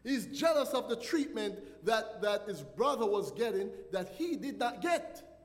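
A pastor with a high, sing-song voice preaches unhurriedly in a church sanctuary, asking the congregation questions and calling for responses. The recording carries a long church-hall reverb.

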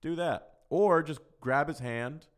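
A man's voice: fairly high pitch, slow pace, smooth. A man hosting a solo podcast, answering listener questions in casual chat, talking frankly and profanely with a rambling, loose flow. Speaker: podcast host.

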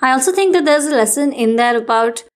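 This is a woman co-hosting a casual podcast. Her voice is slightly high. She reflects aloud in an encouraging way and slips easily into playful teasing with her co-host. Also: lively intonation, fast.

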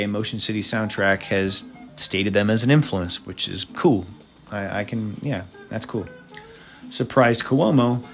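A man hosting a casual podcast, talking through albums in a laid-back, chatty way with lots of filler uhs and opinionated asides. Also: lowish voice. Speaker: podcast host. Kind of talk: casual music review monologue.

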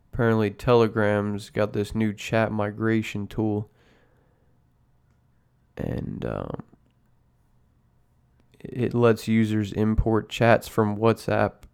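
A man's voice: on the low side, vocal fry, darkish tone, smooth. A man hosting a casual podcast chat, rambling in a laid-back way and swearing constantly over his coffee. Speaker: podcast host. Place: at home drinking coffee.

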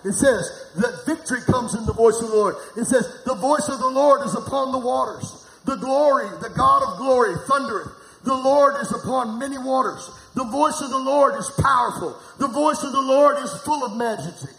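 A man from Missouri preaching a sermon, calling for responses from the congregation and swelling into shouts. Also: extremely high pitch, moderate pace, reverberant, rough recording.

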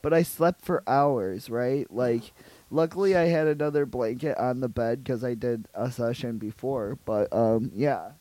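A man's voice: medium pitch, measured pace, warm tone, no echo. A man co-hosting a podcast, rambling through crude stories and jumping into goofy voices for the people in them. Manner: rambling retelling, slips into goofy voices for characters. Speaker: podcast co-host. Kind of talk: crude casual chat.

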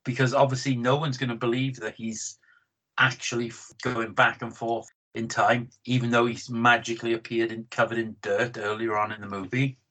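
British guy slightly husky, ranting about a bad movie, keeps restarting his sentences. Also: mid-range voice, flat delivery, moderate pace, fairly bright tone, poor audio. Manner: opinionated, repeats words when starting. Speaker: film podcast co-host. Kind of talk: casual film review chat.

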